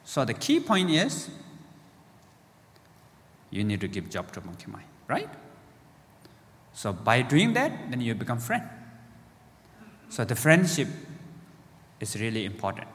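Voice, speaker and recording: A man's voice: medium pitch, wildly swooping pitch, measured pace, pauses often, big-room sound. A man teaching meditation to a live audience in simple, playful phrases, checking in with questions.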